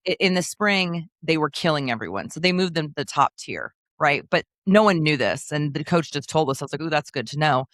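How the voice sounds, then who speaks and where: A middle-aged woman from the Kansas City area co-hosts a casual podcast. She tells stories in an animated way, leaping up in pitch to play her kids and friends. The sound is dry and close to the mic. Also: brisk, hardly any pauses, dry recording. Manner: animated storyteller, acts out quotes with big pitch jumps. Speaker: podcast co-host. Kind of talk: casual chat.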